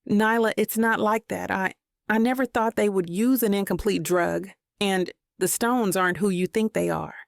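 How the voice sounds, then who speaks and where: A woman voicing a gentle but firm middle-aged mother in an audiobook, soft and earnest. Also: medium pitch, normal speed, creaky, no room sound, studio quality, natural voice.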